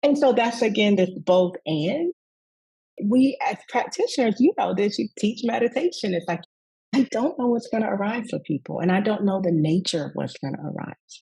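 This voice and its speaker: Southern US woman, rest coach; husky, gravelly voice; reflective storyteller in an interview. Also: medium pitch, animated, moderate pace, low-quality recording. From Southern United States. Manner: warm, reflective storytelling with acted quotes. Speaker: rest coach and yoga teacher.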